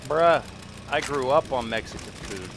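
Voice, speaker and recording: A man live-streaming a game, chatting casually with viewers, excitable and quick to swear. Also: medium pitch, a little hiss or hum. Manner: excitable, swears freely, talks to chat. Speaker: gaming streamer.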